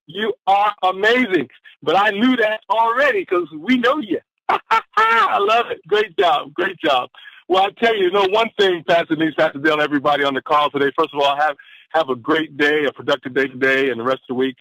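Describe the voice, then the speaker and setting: A man on a conference call giving an energetic, exclamatory motivational talk that keeps repeating its key phrase. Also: on the high side, fairly quick, no echo. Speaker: caller. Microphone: phone. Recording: dull dry phone line.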